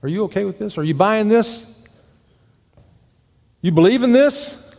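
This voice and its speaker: A man's voice: high-pitched, lively intonation, measured pace, vocal fry, a little mellow. A male pastor preaching a sermon, telling folksy stories and putting questions to the congregation. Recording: long echo of a large hall.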